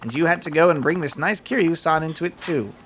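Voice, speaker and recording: A man's voice: fairly high pitch, a little hiss or hum, natural voice. Man doing a sweet frail old granny. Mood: doting. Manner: slow, gentle and doting.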